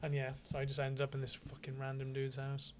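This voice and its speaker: A man's voice: medium pitch, brisk, slight background noise. A man, co-hosting a podcast and telling stories with lots of swearing and laughter. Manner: animated anecdote-telling, swearing, often laughing. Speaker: podcast co-host. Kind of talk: casual chat.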